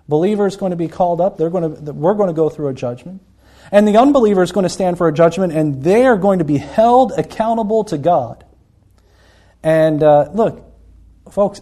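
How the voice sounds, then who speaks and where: Earnest preacher man with a mellow voice. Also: sits high. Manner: earnest, repeats words, voices quoted figures. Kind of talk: Bible-teaching sermon.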